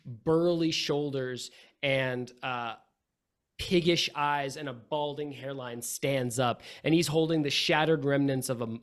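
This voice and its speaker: A man narrating as game master of a tabletop game, slow and full of hesitations. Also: medium pitch.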